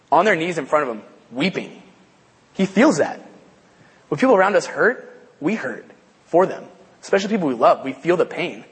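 A man giving a casual Bible lesson, halting and repeating himself with many fillers. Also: a little high, slightly rough. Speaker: Bible study teacher. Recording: long hall reverb.

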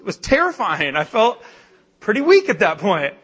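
Young male speaker for a campus ministry talk; high, bright voice, self-deprecating, animated, filler-heavy storytelling. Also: fairly quick, husky. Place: church meeting hall.

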